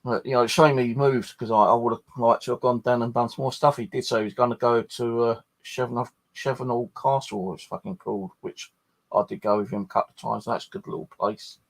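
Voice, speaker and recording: Gravelly man, rambling and sweary. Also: mid-range voice, fairly even intonation, brisk. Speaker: paranormal channel host. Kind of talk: casual late-night chat.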